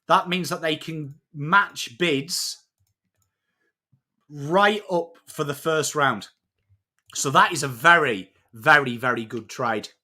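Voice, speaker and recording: Bright-voiced English live-stream host. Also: male voice, on the high side. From England. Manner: matey, excitable, swears freely, greets chat by name. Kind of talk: casual live-stream chat and trade analysis.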